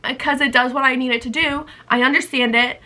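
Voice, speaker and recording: Young woman, high pitch, bright tone, rambling vlog chatter, acts out quotes. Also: steady tone, brisk. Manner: rambling storytelling, lots of "like" and acted-out quotes. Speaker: vlogger.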